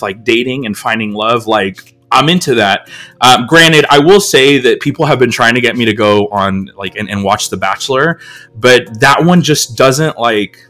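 American male podcast host, mid-pitched, rambling casual chat, faint music underneath. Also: pushed and bright. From United States. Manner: rambling, filler-heavy, self-deprecating.

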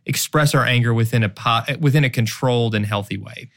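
A man's voice: mid-range voice, brisk, gravelly, a bit bright. A man in his forties co-hosting a marriage podcast, earnestly explaining with analogies in casual talk. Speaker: podcast co-host. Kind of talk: casual marriage advice chat.

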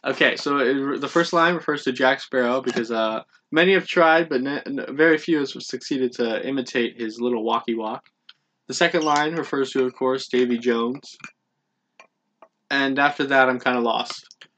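A man's voice: medium pitch, a bit bright, a little hiss or hum. A young man co-hosting a casual podcast, joking around and poking fun at himself. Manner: quick, self-deprecating, joking. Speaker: podcast co-host. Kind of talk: casual chat.

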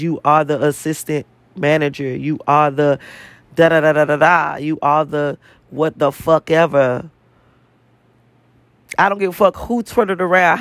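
Man, high-pitched, profane repetitive rant, dry close sound. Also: dry recording. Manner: profane, emphatic, repeats phrases for emphasis. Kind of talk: casual spiritual rant to camera.

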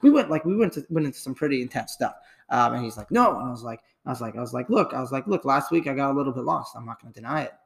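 Young man, gravelly voice, middle pitch, rambling casual storytelling, fillers and restarts. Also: lively intonation, racing, hardly any pauses.

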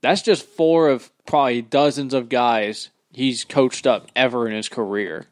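A man's voice: medium pitch, measured pace, no room sound, clean studio sound. A man co-hosting a casual podcast chat, breaking things down in earnest commentary. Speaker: podcast co-host.

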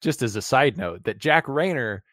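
A man co-hosting a podcast, chatting loosely about a movie in a relaxed way, swearing casually. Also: medium pitch, moderate pace, no echo, clean studio sound. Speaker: podcast co-host.

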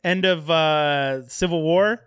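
Animated high-voiced man chatting. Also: takes it slowly, clean tone, dry recording, studio quality. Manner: animated, laughs often, acts out quotes. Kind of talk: casual chat about movies.

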